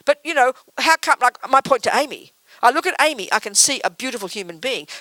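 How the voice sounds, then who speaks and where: A woman Buddhist teacher speaks to a live audience with a bright, cutting tone. Her pitch swoops and climbs freely as she drives home blunt points with teasing asides. The sound is close and dry. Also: lively intonation, fast, no echo, rough recording. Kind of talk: public talk. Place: talk before a live audience.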